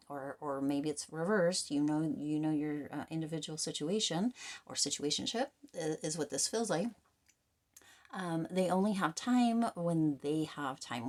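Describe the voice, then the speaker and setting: A woman with a slightly low voice talks straight to the camera through a tarot reading. She is frank and rambling, and her sentences are full of fillers and restarts. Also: a little mellow. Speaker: tarot reader.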